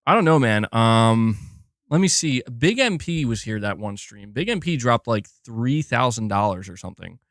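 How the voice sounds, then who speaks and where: On a live stream, a man chats casually, rambling, swearing and restarting often, sounding frustrated. His medium-pitched voice is very animated and fairly bright at a moderate pace, recorded dry with studio quality.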